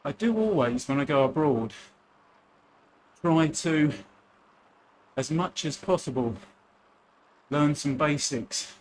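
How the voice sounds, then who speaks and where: Slow and pausing often, this man's slightly high voice has lively intonation as he races and vlogs about cycling. He's from Essex, England, has an Essex accent, and stays chatty and self-deprecating, cracking jokes throughout.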